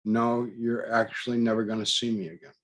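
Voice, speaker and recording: A man voicing a calm, kindly young male doctor who speaks reassuringly. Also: on the low side, brisk.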